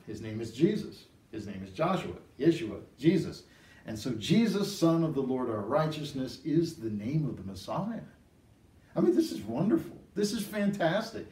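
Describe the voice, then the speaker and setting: Man teaching scripture in a roomy hall. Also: mid-range voice. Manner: animated storytelling, rising to excited emphasis. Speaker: preacher. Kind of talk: Bible teaching. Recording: roomy, distant mic.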